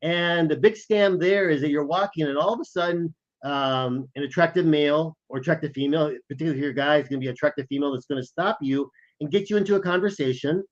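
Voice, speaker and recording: A man co-hosting a podcast, telling a travel story in an animated way and acting out what people said. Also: a little high, quick pace, muffled recording. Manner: animated, acts out the quoted lines. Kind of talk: casual storytelling chat.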